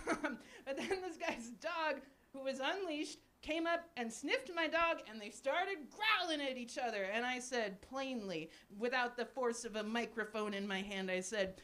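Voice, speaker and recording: A woman in her forties performing a live stand-up set at a small cafe, animated, laughing at her own jokes and shouting punchlines. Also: high voice, measured pace. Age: 40s. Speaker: stand-up comedian. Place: small cafe stage before a live audience.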